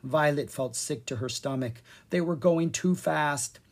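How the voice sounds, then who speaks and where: A narrator reading a children's chapter book aloud, with animated storytelling and a distinct voice for each character. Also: medium pitch, unhurried. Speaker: audiobook narrator.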